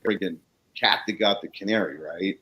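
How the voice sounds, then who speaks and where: A man's voice: low voice, moderate pace, low-quality recording. A man who works on soil and landscapes, guest on a talk show, telling a story casually with swearing and acted-out voices. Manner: animated, profane, acts out the people he quotes.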